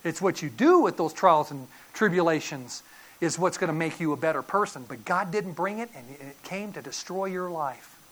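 Middle-aged male preacher; animated, folksy sermon delivery with sharp swings from loud to hushed. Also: on the high side, moderate pace. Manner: animated, folksy storytelling with sudden loud bursts and quiet drops. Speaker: pastor.

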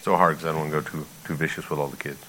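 A man preaching a sermon in an animated, conversational way, reading scripture and pleading with emphasis. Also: rumbling low, racing, slight background noise, low-quality recording. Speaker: pastor.

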